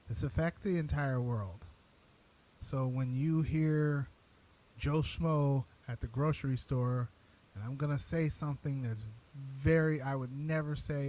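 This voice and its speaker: A man's voice: mid-range voice, warm tone, a little hiss or hum, low-quality recording. A man hosting an online show, talking straight to his audience in an earnest, blunt way that turns profane when he gets worked up. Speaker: show host. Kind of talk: direct-to-camera commentary.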